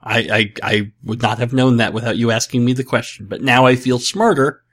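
A man's voice: mid-range voice, fairly quick, fairly bright tone. Sarcastic, rambling man hosting a podcast. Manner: sarcastic, self-mocking, rambling asides. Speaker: podcast host answering listener questions. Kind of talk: casual comedic chat.

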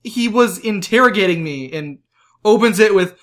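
Young male podcast co-host, bright and sharp-toned, an animated storyteller. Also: sits high, normal speed. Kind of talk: casual podcast chat.

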